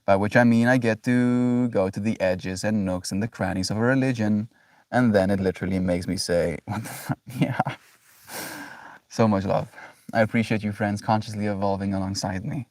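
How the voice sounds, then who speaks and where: A man's voice: lowish voice, fairly even intonation, moderate pace, darkish tone, no echo, recorded from a distance. A man on a casual livestream, musing about spirituality in a reflective, affectionate way, often checking in with "right?". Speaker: daily livestreamer.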